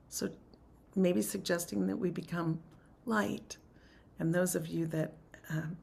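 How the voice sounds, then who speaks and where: A woman leading a spiritual class on a video call, teaching in a soft, reflective, unhurried way and guiding a chant. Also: lowish voice, gravelly, breathy edge.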